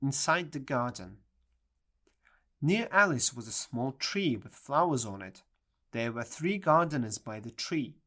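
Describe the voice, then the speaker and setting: A reader narrating a storybook in a clear, measured way. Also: medium pitch, lively intonation, sharp tone. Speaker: audiobook reader.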